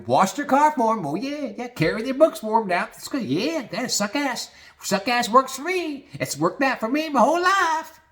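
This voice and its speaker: Brief: man doing a high, breathless suck-up clerk, groveling and eager to please his boss. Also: big pitch swings, normal speed, hardly any pauses, sharp tone, exaggerated voice. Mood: preachy. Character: fawning, breathless male coworker sucking up to boss.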